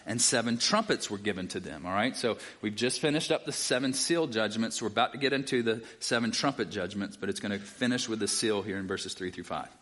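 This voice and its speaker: A Bible teacher gives a conversational sermon to a live church audience, reading scripture aloud and frequently checking in with listeners. His voice is mid-range and fairly bright.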